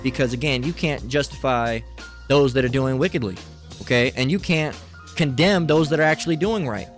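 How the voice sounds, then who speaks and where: A man's voice: medium pitch, normal speed, faint music behind. A man preaching in a loose, informal sermon, blunt and profane, often repeating "all right" as he talks.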